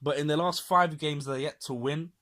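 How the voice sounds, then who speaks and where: Dry football pundit. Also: male voice, on the high side, fairly even intonation, moderate pace, a bit bright. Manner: dry, stat-quoting, wry asides. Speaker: podcast co-host. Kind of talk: casual football chat.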